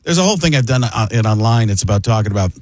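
A man's voice: lowish voice, animated, racing, a little mellow, no echo, studio quality. A man, a guest impressionist, chatting casually about how he builds his voices. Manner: explains voices while demonstrating them. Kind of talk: casual chat.

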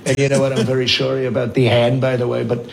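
A man's voice: mid-range voice, monotone, fast, creaky, slight background noise, natural voice. A man doing a comedy impression of a boastful, rambling villain father.

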